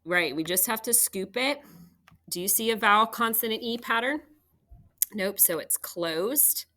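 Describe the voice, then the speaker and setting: A woman's voice: fairly high pitch, lively intonation, measured pace, sharp tone. A woman teacher patiently walking young students through a phonics worksheet, step by step. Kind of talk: phonics lesson walkthrough.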